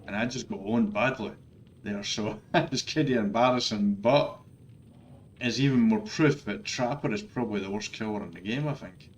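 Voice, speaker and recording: A man's voice: on the low side, normal speed, slight background noise. Frustrated swearing man. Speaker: gaming streamer. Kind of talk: live gameplay commentary.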